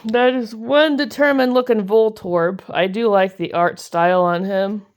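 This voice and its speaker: A young woman of medium pitch talks at a measured pace with fairly even intonation. She hosts a card-collecting video, opening trading card packs and casually chatting, giggling and gushing over cards she loves.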